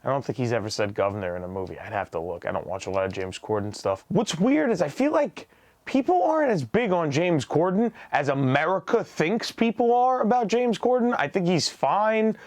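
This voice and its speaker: A man casually reviewing a film, with a sarcastic, joking delivery and deadpan asides. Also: fairly high pitch, fairly quick, no echo. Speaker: movie reviewer. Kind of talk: casual movie review vlog.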